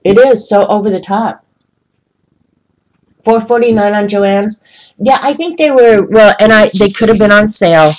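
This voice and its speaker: A woman hosts a casual live stream while coloring, chatting, ranting, and answering viewers by name. Her medium-pitched voice moves at normal speed with frequent pauses, and the audio is poor.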